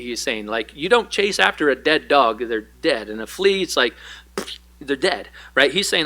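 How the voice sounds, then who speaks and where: A male pastor gives a Bible study in a relaxed, conversational style. He often slips into paraphrased dialogue for the figures he describes. His voice sounds bright and forward. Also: mid-range voice, moderate pace.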